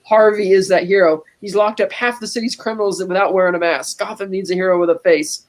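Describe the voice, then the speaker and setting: A woman's voice: mid-range voice, fairly even intonation, fast. A woman co-hosting a podcast, casually retelling movie scenes and quoting the characters as she goes. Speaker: podcast co-host.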